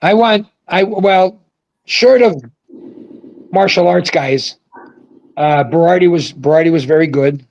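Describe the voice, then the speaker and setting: Gravelly older man telling rambling stories. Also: sits high, measured pace, long pauses, dry recording, dull audio. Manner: rambling, animated storyteller who shouts out quoted lines. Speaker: guest, former pro bowler. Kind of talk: casual storytelling on a livestream. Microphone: video call mic.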